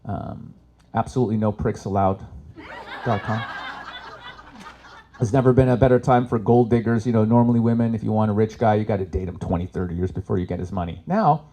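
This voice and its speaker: A man talks a little fast through a live stand-up set on an event stage, swearing freely. He swings from loud punchlines to low asides.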